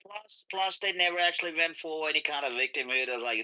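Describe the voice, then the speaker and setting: A man's voice: on the high side, fast talker, sharp tone, low-quality recording. A man with an Australian accent, chatting bluntly and profanely in a casual group call.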